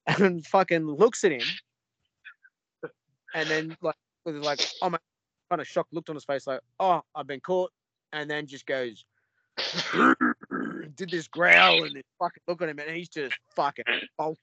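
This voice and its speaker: An Australian man, a podcast guest, telling a story in a rambling, animated way with lots of swearing. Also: fairly high pitch, a little slow, gravelly, pauses often, highs cut off. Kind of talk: casual storytelling.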